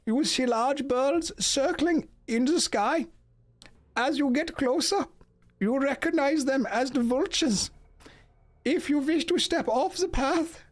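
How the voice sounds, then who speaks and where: A man putting on an exaggerated mock-German accent and a high, slow, theatrical voice to read out a gamebook. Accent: put-on German. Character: over-the-top mock-German male gamebook narrator.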